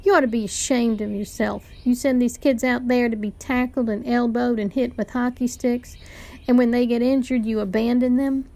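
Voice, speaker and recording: Woman voicing a grumpy middle-aged schoolteacher, stern, slightly high, gravelly edge. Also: steady tone, normal speed, darkish tone, close to an everyday voice. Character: grumpy burned-out middle-aged male teacher.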